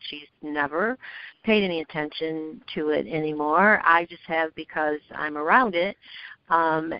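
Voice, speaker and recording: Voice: medium pitch, clean tone, no echo. A podcast host interviewing a guest, asking questions hesitantly with many fillers. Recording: dry, dull lo-fi recording.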